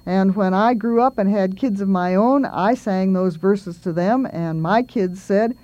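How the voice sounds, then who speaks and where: A woman's voice: medium pitch, no echo. A middle-aged woman, a children's author, giving a talk and reading poems aloud with feeling. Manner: slow, expressive reading aloud.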